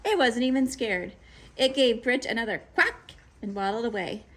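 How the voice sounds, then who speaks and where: A woman reading a children's picture book aloud, with playful, expressive narration. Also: a little high, normal speed. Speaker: storybook reader.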